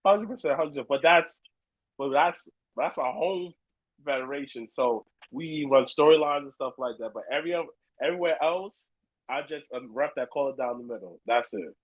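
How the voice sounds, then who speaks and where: A man's voice: medium pitch, moderate pace, no echo, highs cut off. A man who referees wrestling, a guest telling stories in a laid-back, slangy way. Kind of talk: casual chat.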